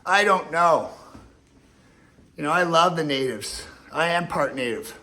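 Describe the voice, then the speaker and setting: A man's voice: on the high side, animated, a little slow, pushed and bright. A man talking alone to camera in a rambling, emotional rant, swearing often and repeating himself. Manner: rambling, profane, emotional and repetitive. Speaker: vlogger. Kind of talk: ranting monologue to camera.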